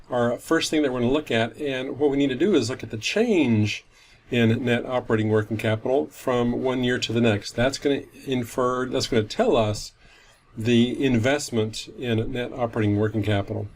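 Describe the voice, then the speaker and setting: A man's voice: medium pitch, a little hiss or hum. A man teaching finance in a recorded lecture, explaining step by step and often correcting himself mid-sentence. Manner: methodical, self-correcting explanation. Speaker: finance instructor.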